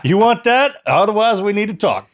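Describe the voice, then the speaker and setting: A man's voice: high-pitched, big pitch swings, normal speed, a little hiss or hum. A man co-hosting a podcast, joking around and quoting movie lines in a casual chat. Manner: jokey, quotes movie lines.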